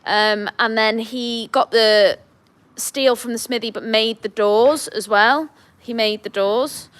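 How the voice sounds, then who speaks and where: A chatty woman farmer talks easily from inside a sheep shed. Her voice sits at an ordinary middle pitch, and she turns to coax her lambs between remarks. It sounds like a relaxed livestream. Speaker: farmer vlogger. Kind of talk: casual livestream chat.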